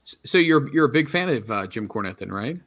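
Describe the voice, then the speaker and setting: A man's voice: mid-range voice, lively intonation, brisk, a bit bright. A man hosting a podcast, asking casual follow-up questions and agreeing. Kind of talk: casual chat.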